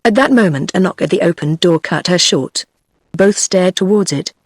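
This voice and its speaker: A woman's voice: fairly low pitch, moderate pace, no room sound. Dry synthetic British woman narrating. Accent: British English. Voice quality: even, machine-read delivery. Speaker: audiobook narrator.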